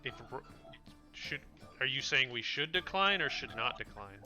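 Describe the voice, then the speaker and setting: A man playing in a tabletop game, eager and talkative, stumbling over his words when rushed. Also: mid-range voice, lively intonation, bright, forceful tone, soft background music. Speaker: player. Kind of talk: casual tabletop game play.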